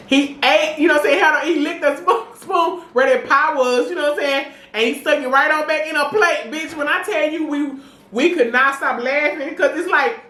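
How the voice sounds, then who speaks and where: A woman co-hosting a podcast, telling animated, profane stories full of "you know what I'm saying.". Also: high voice, reverberant. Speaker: podcast co-host. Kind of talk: casual chat.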